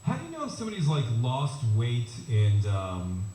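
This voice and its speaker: A man's voice: mid-range voice, wildly swooping pitch, normal speed, warm tone, echoey room, distant mic, a little hiss or hum, rough recording. A man hosting a morning radio show, joking around and poking fun at himself in casual banter. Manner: joking, self-deprecating. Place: radio studio.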